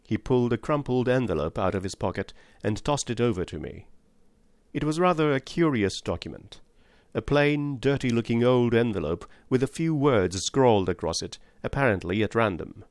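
A man narrating an audiobook in the first person with expressive, scripted storytelling. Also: on the low side, normal speed, no room sound.

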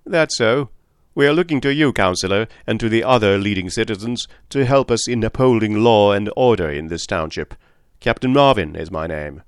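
A man voicing a gruff, good-humoured middle-aged police captain who talks in a bluff, bantering way. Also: lowish voice, moderate pace, dry recording, clean studio sound, lightly acted.

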